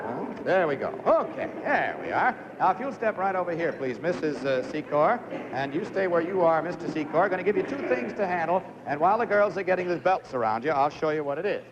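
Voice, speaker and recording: A man's voice: high-pitched, sing-song, a little fast, a loud crowd, heavy background noise. A man hosting a live TV game show, chatty and jokey as he coaxes contestants through stunts. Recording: muffled 1950s TV broadcast audio.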